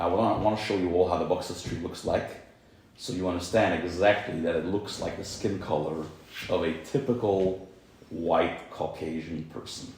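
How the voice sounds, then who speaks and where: A man's voice: low-pitched, heavy reverb, slight background noise, low-quality recording. A man teaching a small group around a table, explaining at length with many religious terms. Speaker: class teacher. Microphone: phone recording on the table.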